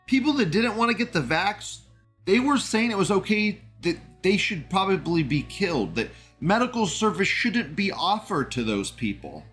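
A man's voice: sits high, very animated, moderate pace, a bit bright, soft background music. Rambling, indignant male stream host. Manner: rambling, indignant, swears, laughs often. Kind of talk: casual live stream commentary reading chat.

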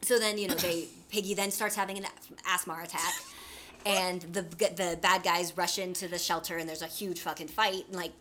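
Young woman co-host, slightly low voice, lively and profane, light noise under the track. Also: moderate pace. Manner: animated, swears freely, acts out characters' lines. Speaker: podcast co-host. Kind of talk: casual book discussion.

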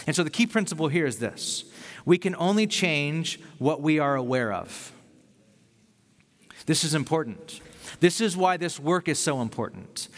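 A man preaching a sermon as pastor, earnest and conversational, acting out quick asides as he talks. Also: a little high, fairly bright tone, in a large hall.

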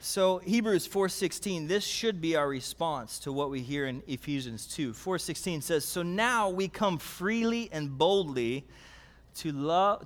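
A middle-aged male pastor preaching a sermon, telling family stories with animated, repetitive, building phrases in a church service. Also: fairly high pitch, in a large hall.

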